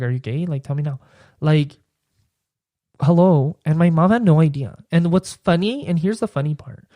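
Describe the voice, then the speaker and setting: A young man talking casually on his podcast, with a mellow, warm tone. The sound is close and dry, with no room around him. He rambles loosely and drops "like" into nearly every phrase. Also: fairly high pitch, no room sound. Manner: chatty, constant "like" fillers. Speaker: podcast host. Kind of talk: casual personal storytelling.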